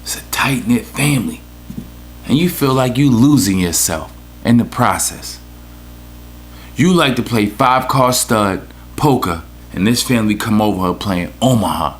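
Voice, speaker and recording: A man's voice: mid-range voice, lively intonation, moderate pace. A man with a New York accent, hosting a podcast with a profane, rambling, joking rant. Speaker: podcast host. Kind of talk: casual comedic rant.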